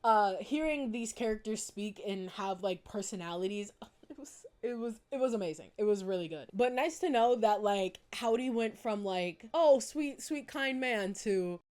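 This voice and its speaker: A woman's voice: mid-range voice, moderate pace, darkish tone. A woman hosting casual fan commentary, bubbly and giggly, with a mid-range voice. She rambles through her points with many fillers. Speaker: video essayist.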